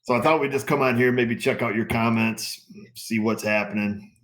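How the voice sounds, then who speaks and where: A middle-aged man hosting a casual live stream for his auto repair channel, chatting in a relaxed, rambling way with plenty of fillers. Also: mid-range voice, normal speed.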